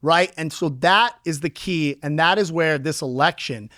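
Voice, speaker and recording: A man's voice: fairly high pitch, no room sound, clean studio sound. A man being interviewed as a crypto investor, talking with energy and explaining through everyday analogies. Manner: energetic, explains with homely analogies, acts out quick quoted voices. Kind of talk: casual podcast interview.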